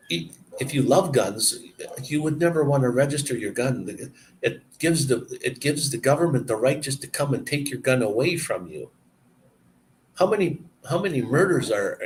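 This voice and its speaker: A man's voice: medium pitch, slight background noise, low-quality recording. A man from Canada telling stories in casual chat, rambling and opinionated, with frequent restarts.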